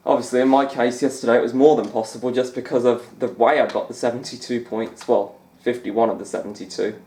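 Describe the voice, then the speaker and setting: A man's voice: medium pitch, steady tone, brisk, a little mellow, roomy sound. A young man chatting casually over a snooker game as a gaming YouTuber, rambling and laughing often. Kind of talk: let's-play commentary.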